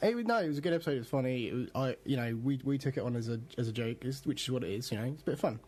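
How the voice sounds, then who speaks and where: A man's voice: mid-range voice, expressive, rapid-fire, darkish tone. A man with a British accent co-hosting a gaming podcast, bantering playfully, swearing freely and often breaking into giggles. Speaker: podcast co-host.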